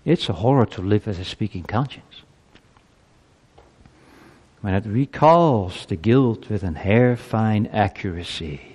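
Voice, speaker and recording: A man in his fifties preaching a sermon, moving from quiet reflection to loud, urgent appeals. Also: lowish voice, animated, unhurried, long pauses, husky. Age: 50s.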